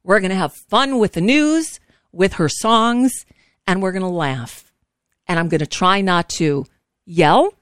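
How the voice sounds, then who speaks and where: A woman's voice: medium pitch, lively intonation, a little slow, fairly bright tone, clear, resonant tone, dry recording, studio quality. A woman hosting a political talk show, emphatic and outspoken, cursing freely and sounding frazzled and worn out. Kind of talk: political talk radio, casual and heated.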